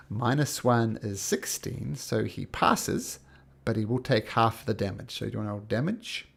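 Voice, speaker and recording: A man narrating as game master of a tabletop game, calling rolls and describing the action with quick asides. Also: on the low side, expressive, gravelly, fairly bright tone, slightly rough. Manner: quick, laughing rules talk.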